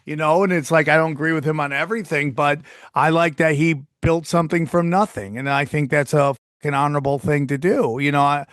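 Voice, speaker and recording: A middle-aged man hosts a casual podcast chat in a slightly higher voice, blunt and profane, often restarting his sentences. His voice is recorded dry, with no room sound. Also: fairly even intonation, a little fast, few pauses, fairly bright tone, dry recording. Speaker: podcast host.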